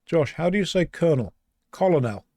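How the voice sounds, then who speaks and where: A man's voice: a little high, animated, normal speed, darkish tone, no room sound, studio quality. A man streaming a game, reading chat aloud and answering in a playful, exasperated way. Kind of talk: casual gaming stream chat.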